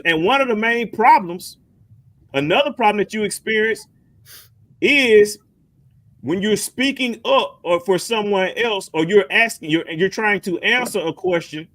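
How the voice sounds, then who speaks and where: Guy hosting a call-in show, kinda high voice, rambles on and repeats himself. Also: a little slow, bright, forceful tone. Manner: rambling, repeats words while thinking. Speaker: host. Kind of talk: casual call-in show talk.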